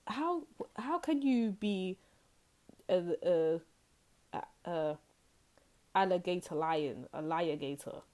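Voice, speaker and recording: A woman's voice: fairly low pitch, expressive, slow pace, long pauses, darkish tone. A young woman gives a casual tarot reading. She talks in a chatty, rambling way and acts out people's reactions. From United Kingdom. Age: young adult. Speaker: tarot reader.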